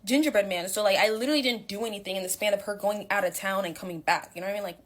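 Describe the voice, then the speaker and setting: A woman's voice: medium pitch, rapid-fire. A young woman telling a story casually, chatty with lots of fillers and dramatic swings in her voice.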